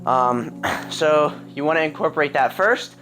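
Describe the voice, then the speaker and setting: A young man giving a casual fitness tutorial at home, rambling with many ums and throat clears. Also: a little high, a little slow, fairly bright tone, faint music behind. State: a little out of breath. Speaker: calisthenics coach. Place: home with a pull-up bar.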